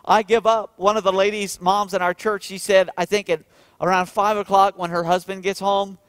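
A man preaching a heartfelt sermon as pastor, earnest, swinging between emphatic peaks and soft tender passages. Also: sits high, little pitch movement, normal speed, clean tone, dry recording. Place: church.

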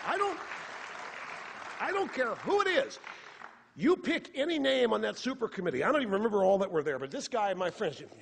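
A man giving a live political monologue on a theater stage, animated, sarcastic and rhetorical. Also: high voice, a little fast, gravelly, crowd noise, background noise. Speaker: radio talk show host on stage. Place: theater stage before an audience. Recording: long reverb of a theater hall.

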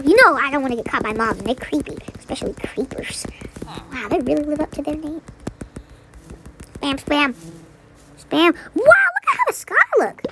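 Over some background noise, a high-voiced woman gives casual let's-play commentary, playful and chatty. Words get repeated often, and she drops into whispers now and then.

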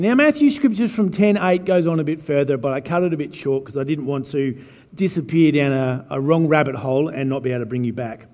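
Joking pastor in a church hall. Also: male voice, a little high, brisk, darkish tone. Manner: chatty, joking sermon delivery. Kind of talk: sermon.

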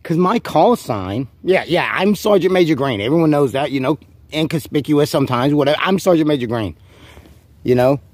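A man with a husky, slightly rough voice delivers a rambling, profane rant straight to camera. He taunts and challenges an unseen rival as he goes. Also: a little high, expressive, a little fast, a little mellow, no room sound. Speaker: vlogger.

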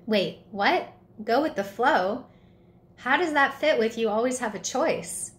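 A woman's voice: on the high side, expressive, normal speed, fairly bright tone, pitched above the performer's own voice. A woman reading a children's story aloud, voicing an eager, curious little spotted bug with a shell. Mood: puzzled.

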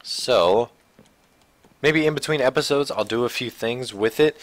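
Young male let's-play host, lowish voice, rambling casual game commentary from his desk at home. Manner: rambling, self-correcting, low-key with sudden excited outbursts. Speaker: gaming channel host.

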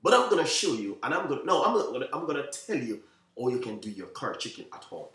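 A man with a Jamaican accent, a chef hosting a live cooking stream, chatting to viewers in quick, repetitive talk and often saying "you know what I mean". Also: mid-range voice, sing-song, fairly bright tone, echoey room, recorded from a distance. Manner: talks fast, by his own account.

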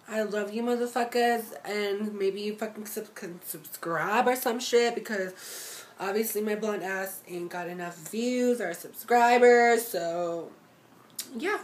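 Young woman venting on her vlog, sassy and foul-mouthed, middle-pitched voice, faint hum behind her. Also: a little slow. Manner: sassy, profane, talks straight to viewers; acts out other people's voices in a mocking way. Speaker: vlogger. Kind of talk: casual rant to camera.

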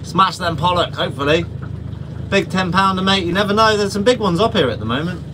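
A man with a high voice chats casually with his livestream viewers, dropping friendly slang as he goes. He is out on a small fishing boat, and loud engine and wind noise sit under his voice. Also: expressive, a little fast. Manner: chatty, reads out viewer comments, friendly slang. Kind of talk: casual live-stream chat with viewers. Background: boat engine and water.

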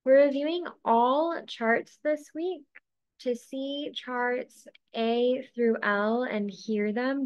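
A woman narrating a scripted lesson, speaking slowly and enunciating each drill word carefully. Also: sits high.

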